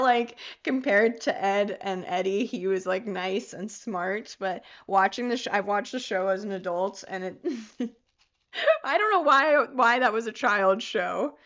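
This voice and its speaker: A woman's voice: mid-range voice, lively intonation, unhurried, fairly bright tone, muffled recording. A young woman hosting a casual livestream, giggling often, swearing freely and reading viewer comments aloud as she works on a craft. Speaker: livestream host.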